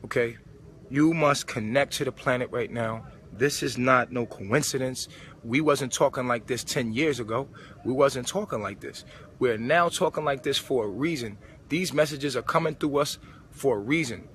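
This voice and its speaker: A man's voice: medium pitch, moderate pace, fairly bright tone, slight background noise. A man giving a casual spiritual monologue, preachy and full of street slang. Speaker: spiritual vlogger. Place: old supermarket converted to a club.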